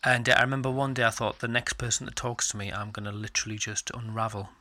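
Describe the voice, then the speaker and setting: A man's voice: lowish voice, steady tone, quick pace, pushed and bright, no room sound. A middle-aged man co-hosting a podcast, talking candidly in a casual, self-deprecating and jokey way. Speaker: podcast co-host. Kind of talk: casual chat.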